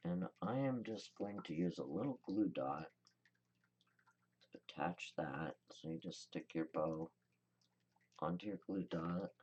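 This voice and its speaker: A woman's voice: extremely low pitch, a little slow, pauses often, warm tone, husky, highs cut off. A woman hosting a card-making tutorial, chatting casually and thinking aloud as she works. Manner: chatty, rambling, thinks aloud while working. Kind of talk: casual crafting demonstration.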